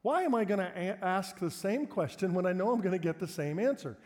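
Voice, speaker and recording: High-voiced middle-aged pastor in a reverberant hall. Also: male voice, lively intonation, fairly quick, a little mellow. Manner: conversational, self-deprecating storyteller, breaks into laughter. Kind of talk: sermon with personal storytelling. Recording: long reverb of a large hall.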